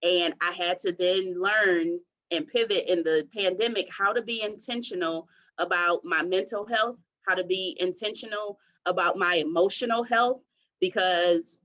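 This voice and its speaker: A woman in her thirties from Detroit, a podcast guest telling her story in an expressive, testimony-style way. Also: lowish voice, poor audio. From Detroit, USA. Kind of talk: faith-centered interview talk.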